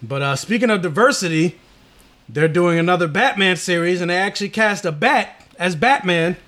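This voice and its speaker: A young man co-hosting a relaxed podcast, talking in a slightly high voice. He is laid-back, often trails off mid-thought and reads news items aloud in a flatter tone. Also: moderate pace. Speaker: podcast co-host. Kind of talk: casual chat.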